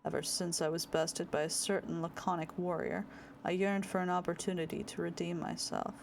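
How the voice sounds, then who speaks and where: A woman voicing a proud, stern male samurai in a game, speaking slowly and formally. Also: fairly low pitch, flat delivery, creaky, a little hiss or hum. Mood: resolute.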